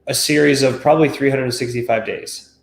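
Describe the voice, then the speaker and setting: A man's voice: medium pitch, fairly even intonation, fairly quick, creaky. A man in his thirties talks things through from his home office, tagging his points with "right?" and "like". His voice sits in a mid register, and the room around him rings with a noticeable echo. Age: 30s. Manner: thoughtful, leans on "right?" and "like". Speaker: nutrition expert co-host. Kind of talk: casual video-call chat.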